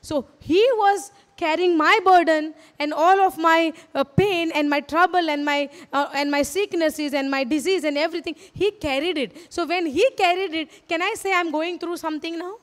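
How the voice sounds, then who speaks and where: Her voice is extremely high and she speaks at a moderate pace, barely pausing. Preaching a sermon in Indian-accented English, she is earnest, repeats phrases, and poses questions to the audience, with hall reverb on the recording.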